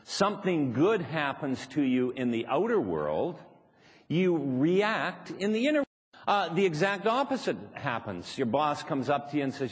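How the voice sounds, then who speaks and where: A man's voice: on the high side, very animated, a little slow. A man leading a live seminar, teasing and chuckling as he explains his point to the audience. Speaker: seminar speaker. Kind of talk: live motivational seminar talk. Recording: echoey hall, faint background noise.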